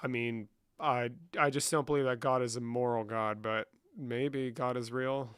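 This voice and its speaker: A man's voice: medium pitch, fairly even intonation, normal speed, a bit bright, smooth, dry recording. Profane young man reading chat. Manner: profane, reads chat aloud and answers. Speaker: streamer. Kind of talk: casual live-stream chat.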